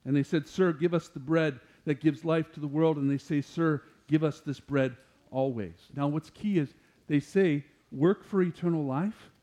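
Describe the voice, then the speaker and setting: A man with a high voice preaching a sermon to a congregation. He talks in an animated way and climbs louder and higher whenever he quotes scripture, then drops back down to explain it. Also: normal speed. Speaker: pastor.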